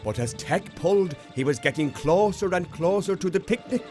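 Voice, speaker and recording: A man gently narrating a children's storybook in an expressive, unhurried way. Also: sits high. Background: music.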